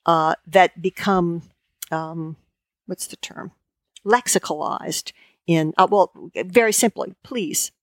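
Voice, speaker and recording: A woman, a guest in a conversational interview, talking in halting bursts full of restarts and fillers. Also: fairly low pitch, no echo, clean studio sound. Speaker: guest lexicographer.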